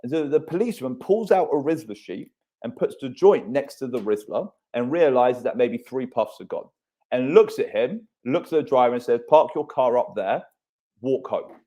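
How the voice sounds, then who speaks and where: A man's voice: medium pitch, lively intonation, normal speed, dark tone. A man in his thirties hosting a casual podcast chat, telling stories animatedly and swearing freely.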